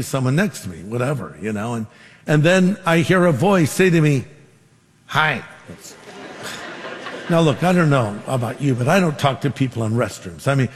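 A man's voice: mid-range voice, animated, normal speed, husky, in a large hall. A man preaching a sermon as pastor, making numbered points and telling stories with quoted dialogue.

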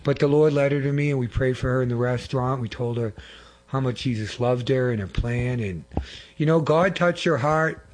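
A man's voice: mid-range voice, normal speed, darkish tone. A young man giving an earnest, rambling testimony in a sermon, full of fillers and restarts. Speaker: lay preacher giving testimony.

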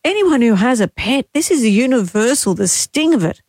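An Australian woman in her sixties co-hosting a radio show, speaking candidly and haltingly through fresh grief. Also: a little high, expressive, darkish tone, dry recording, clean studio sound. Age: 60s. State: grieving, teary. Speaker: radio co-host. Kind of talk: casual radio chat. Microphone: studio mic.

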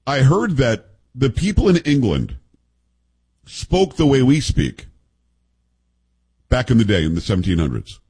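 A man's voice: medium pitch, wildly swooping pitch, measured pace, long pauses, dark tone, breathy edge, rough recording. A man hosting a call-in radio talk show, chatty and joking with emphatic asides.

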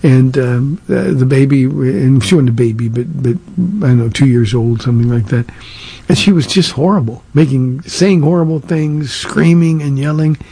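A man's voice: mid-range voice, normal speed, gravelly, warm tone, breathy edge, no echo. An older man, a pastor, answering listener questions on a radio show in a plainspoken way, with frequent "uh"s and repeated words. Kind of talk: radio Q&A sermon.

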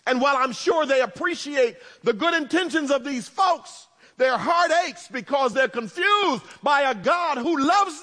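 A man preaching a sermon as pastor, in a conversational style with humorous asides, swinging between loud emphasis and hushed tones. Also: very high-pitched. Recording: long reverb of a large hall.

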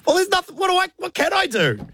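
A man's voice: extremely high pitch, wildly swooping pitch, fast, pushed and bright, no room sound. A man, co-hosting casual banter, telling wry stories and mimicking others. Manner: wry storytelling, mock voices in quotes. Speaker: radio co-host.

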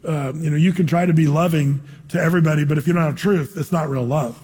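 High-voiced husky preacher in a hall. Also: male voice, fast. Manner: conversational, rhetorical questions, animated asides. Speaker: pastor. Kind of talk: sermon. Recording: long reverb in a large hall.

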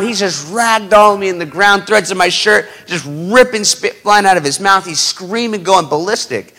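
A man telling a personal story as a motivational speaker, animated and dramatic, building up the tension. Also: sits high.

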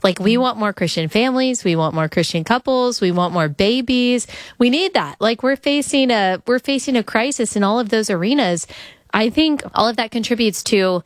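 A woman's voice: fairly high pitch, lively intonation, moderate pace, dry recording, clean studio sound. A woman hosting a radio interview, speaking in an opinionated, conversational way. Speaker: radio show host.

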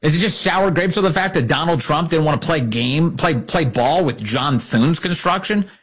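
Male political host, husky voice, lively swooping pitch, sarcastic, indignant commentary. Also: moderate pace. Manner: sarcastic, indignant, mocks quotes with put-on voices.

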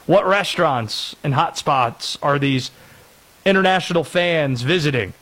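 Male sports radio host, high voice, very lively delivery. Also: unhurried. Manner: lively, animated, jokey, breaks into put-on voices.

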